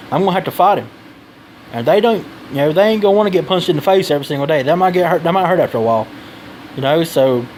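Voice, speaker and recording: A man's voice: fairly high pitch, a little mellow, a little hiss or hum, rough recording. A man giving blunt advice in a casual vlog, rambling and swearing freely.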